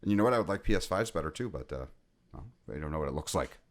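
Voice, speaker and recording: Speaking at an extremely low pitch, this man co-hosts a gaming podcast, talking fast and expressively in casual chat. He rambles and jokes, often cutting himself off mid-sentence.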